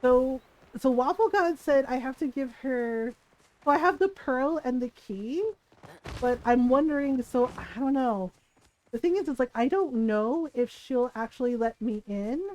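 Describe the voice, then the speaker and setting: A woman streamer chatting casually while gaming, an animated storyteller who swears freely and laughs often. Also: high-pitched, unhurried, low-quality recording. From Filipino family. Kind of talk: casual live-stream chat.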